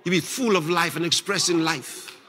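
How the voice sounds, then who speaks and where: A male pastor preaching a sermon, reading scripture aloud and questioning his congregation, rising to emphatic shouts on key points. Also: fairly high pitch, normal speed. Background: congregation responding.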